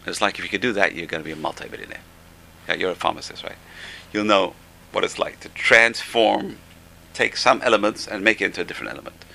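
Gravelly, bright-voiced man teaching a religious class. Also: deep voice, quick pace, low-quality recording. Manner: enthusiastic, repeats "amazing". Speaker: Torah teacher.

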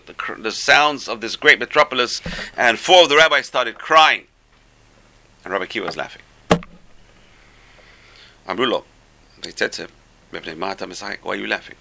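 A man teaching a Torah lesson as an animated storyteller, rising high when he quotes the rabbis and dropping low for his asides. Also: gravelly.

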